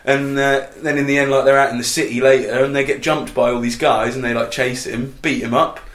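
A man, co-hosting a casual music chat and retelling scenes with animated energy. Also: mid-range voice, a little fast, echoey room. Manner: animated storyteller who acts out scenes. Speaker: podcast co-host reviewing songs.

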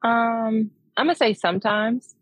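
A woman guest, a behavior analyst, explaining her work in a measured way on a podcast. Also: a little high, fairly even intonation, breathy edge, dry recording. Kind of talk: casual interview chat.

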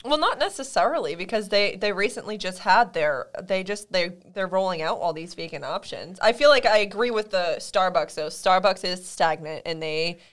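A young woman co-hosting a casual podcast, laid-back and quick to laugh. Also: lowish voice, expressive. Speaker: podcast co-host. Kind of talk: casual chat.

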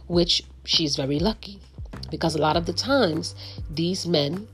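A woman's voice: on the low side, measured pace, soft background music. A middle-aged woman hosting a podcast, telling a story in a frank, emphatic way with many restarts. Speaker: podcast host. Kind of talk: casual monologue.

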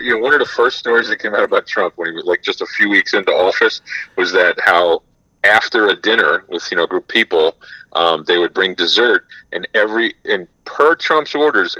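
A man's voice: fairly low pitch, sharp tone, dry recording, low-quality recording. A man on a comedy podcast, joking and swearing through rambling chat full of fillers. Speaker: podcast guest. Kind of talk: casual crude comedy chat.

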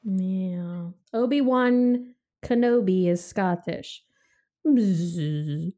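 A woman hosting a casual podcast chat, playful and quick to laugh. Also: on the high side, expressive. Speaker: podcast host.

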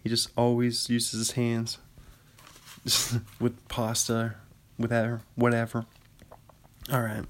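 A young man from Washington state hosting a podcast in a casual, rambling solo chat, often laughing. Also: mid-range voice. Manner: rambling, chatty, laughs easily. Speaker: podcast host.

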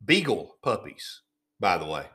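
A podcast host rants with indignant sarcasm. His pitch swings widely up and down, and he stumbles over repeated words while he keeps building his point. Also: big pitch swings, a little slow, sharp tone, slightly rough. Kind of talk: casual ranting commentary.

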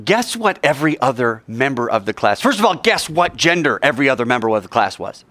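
Animated man preaching a sermon. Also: mid-range voice, quick pace, no room sound. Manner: animated, acts out characters in his story. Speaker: pastor. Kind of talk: sermon storytelling.

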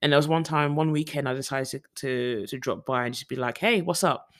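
A young man from the UK chats casually to camera in a personal vlog. He rambles, restarts his sentences and leans on fillers, with a voice of ordinary pitch. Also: brisk, a bit bright. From United Kingdom. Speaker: vlogger.

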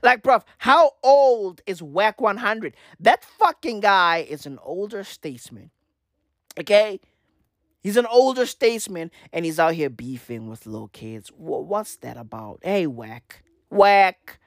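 Woman, casual comedic rant, slangy, swearing, playful, slow delivery, dry sound. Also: mid-range voice, lively intonation, dry recording.

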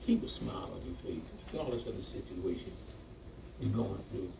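A man's voice: deep voice, normal speed, creaky. A man preaching a sermon, talking back and forth with the congregation and laughing often. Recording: echoey room from far off, noisy.

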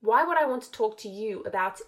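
A woman's voice: a little high, animated, brisk, close to an everyday voice, rough recording. A woman voicing a cold, sneering young man who speaks in a clipped drawl. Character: cold, sneering young male lord's enforcer.

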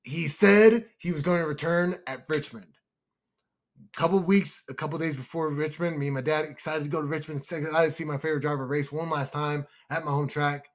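A young man co-hosting a casual podcast chat, excitable and emotional, calling his listeners "y'all". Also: fairly high pitch, fairly quick. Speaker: podcast co-host.

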